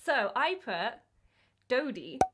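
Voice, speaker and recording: A giggly young woman chats casually with a fellow YouTuber. Her fairly high voice leaps up and down with animated energy, and laughter keeps bubbling through her talk. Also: slow, noisy background. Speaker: YouTuber co-host. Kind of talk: casual chat.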